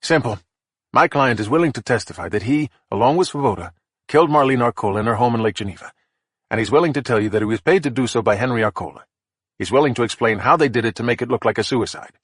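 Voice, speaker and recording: Brief: narrator doing a cool lawyer driving a hard bargain, level and dry. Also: male voice, mid-range voice, lively intonation, fast, fairly bright tone, husky, no echo. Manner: unflappable, bargaining. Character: cool, deadpan male defense lawyer. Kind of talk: audiobook character voice.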